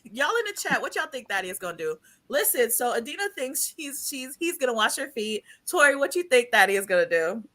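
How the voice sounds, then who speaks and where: A woman hosting a live panel chat, playful and quick to laugh. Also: fairly high pitch, sing-song, bright, forceful tone. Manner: laughs often, playful quizmaster. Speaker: host.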